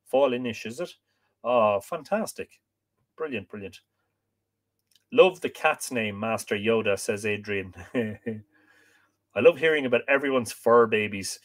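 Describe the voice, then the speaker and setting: A man hosts a live stream, reading an old scholarly book aloud at an unhurried pace. His pitch rises and falls in a lively way, and he often breaks off to greet viewers and joke. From Ireland.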